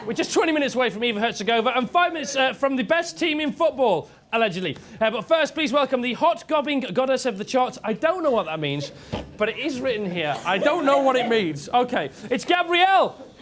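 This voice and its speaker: An English man hosting a live TV show, talking in a rapid, excitable way and repeating himself. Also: very high-pitched. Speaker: TV show host. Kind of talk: loud live studio presenting. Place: TV studio with live audience. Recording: live TV studio with loud crowd and noise.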